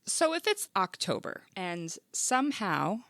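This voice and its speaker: A woman hosting a casual podcast interview, animated and playful, reacting with quick exclamations. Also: mid-range voice, dry recording, studio quality. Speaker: podcast host.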